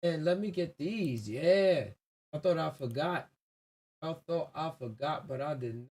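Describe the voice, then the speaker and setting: On his solo livestream podcast, the host speaks a little slowly in an expressive, somewhat mellow voice that sits on the high side. His talk is casual, loose, and reflective, with plenty of laughs as he rambles.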